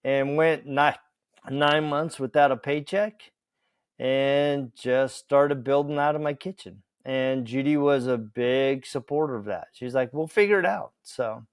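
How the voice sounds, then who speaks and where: A man of middle pitch tells a story on a podcast, animated and acting out the lines of each person in it. He often laughs as he talks. The recording is dry and close. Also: unhurried, clean tone, dry recording. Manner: animated, acts out dialogue, laughs while telling stories. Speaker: podcast guest. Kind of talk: casual storytelling.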